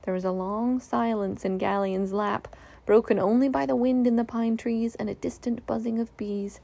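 A woman narrating a children's storybook in a gentle, measured reading. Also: a little high, fairly even intonation, gravelly.

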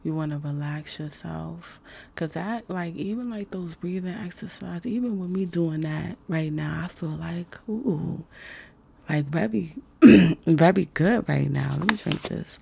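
Slow, gravelly low-voiced woman. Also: a little hiss or hum. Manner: laid-back and slangy, with many fillers; drops to a soft whisper for breathing demonstrations. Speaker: self-help speaker. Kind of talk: casual motivational talk.

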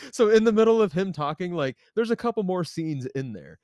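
Young man, podcast co-host, animated storyteller, lots of fillers, dry close sound. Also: high voice, moderate pace, dry recording, lo-fi sound. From American South. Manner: animated, laughs often, many fillers. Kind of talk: casual storytelling chat.

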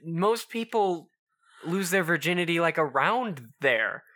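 A man's voice: on the high side, lively intonation, a little slow, pushed and bright. A young man co-hosting a podcast in casual, joking chat. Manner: joking, mocking impressions. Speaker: podcast co-host.

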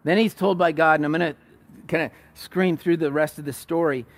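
A male pastor delivering a sermon in a voice pitched a little high. He retells the story with animated energy, acting out the quotes and stumbling into restarts as he goes. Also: brisk.

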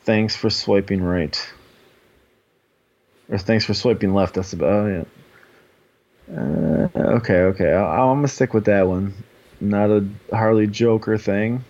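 A man's voice: fairly low pitch, measured pace, pauses often, darkish tone, muffled recording. A man co-hosting a podcast, chatting casually with plenty of swearing and self-mocking jokes. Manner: profane, self-mocking banter. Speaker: podcast co-host.

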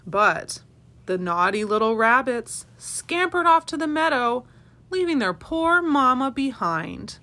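Reading slowly in a high-sitting voice, a woman who is a parent hosting a family podcast performs a children's storybook with animated, expressive energy.

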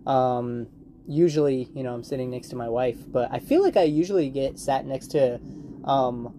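A young married man in casual chat, playful and teasing, speaking deliberately. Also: medium pitch, warm tone, a little hiss or hum.

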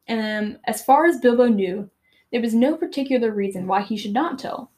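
A teenage girl hosts a book podcast, retelling a chapter in a chatty, filler-heavy way and reading passages aloud. Her voice sits fairly high. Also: normal speed, a little mellow. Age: teens. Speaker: podcast host.

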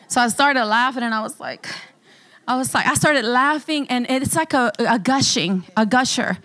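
Woman pastor, high voice, animated church testimony full of laughter. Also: a little slow, pauses often. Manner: animated storytelling, breaks into laughter often. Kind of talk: sermon testimony. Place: church service.

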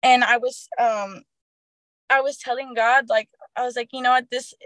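A woman's voice: fairly high pitch, fairly even intonation, moderate pace, a bit bright, no echo, rough recording. A young adult woman telling a personal faith story in a casual, earnest way, with many fillers and restarts. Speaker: guest sharing her testimony.

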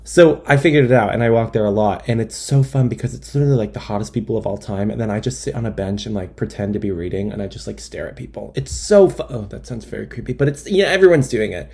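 Young guy rambling through funny city stories, mellow low-key voice, lots of asides. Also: fast talker, creaky, hardly any pauses. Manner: rambling, self-deprecating, wry asides. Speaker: comedian. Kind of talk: stand-up style comic monologue.

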